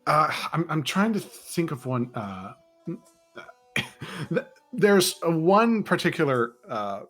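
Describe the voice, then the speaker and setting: Slightly high and sing-song, this man speaks slowly with a bit of brightness as he co-hosts a relaxed conversation on playing characters as a game master. He rambles and reflects, full of fillers and false starts, over soft background music.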